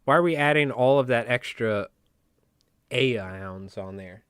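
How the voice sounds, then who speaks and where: A man from New York with a New York accent, hosting a casual livestream and rambling through jokes without a pause. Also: mid-range voice, a bit bright, clean tone, no room sound, clean studio sound. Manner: rambling, joking, talks nonstop. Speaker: livestream host.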